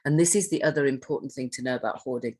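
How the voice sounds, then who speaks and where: Husky low-voiced woman presenting. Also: fast, a little mellow. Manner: conversational, asks the audience questions, restarts phrases. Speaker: trainer on hoarding and self-neglect. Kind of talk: training presentation.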